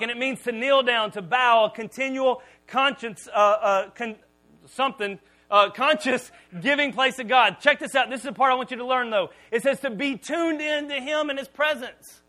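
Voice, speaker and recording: A middle-aged male pastor preaching a sermon, telling stories with lively acted-out quotes and sometimes dropping to a hushed voice. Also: poor audio. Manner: animated storytelling, acts out quotes with a loud pitch jump; drops to a soft, hushed voice for calm passages.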